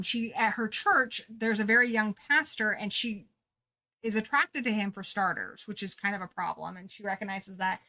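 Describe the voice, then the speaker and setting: A woman's voice: medium pitch, sharp tone. A woman co-hosting a book club chat, talking casually and animatedly and often laughing at herself.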